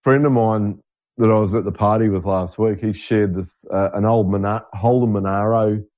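A man's voice: fairly low pitch, steady tone, moderate pace, a little mellow, no echo, muffled recording. An Australian man co-hosting a podcast, chatting loosely with swearing and lots of restarts. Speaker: podcast co-host. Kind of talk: casual chat.

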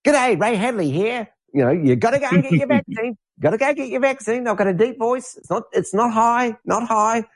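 A man mimicking a squeaky Australian talkback host. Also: lively intonation, a little fast, heavily acted. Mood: mocking. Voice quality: high, nasal, mocking. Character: smug older male talkback radio host, squeaky.

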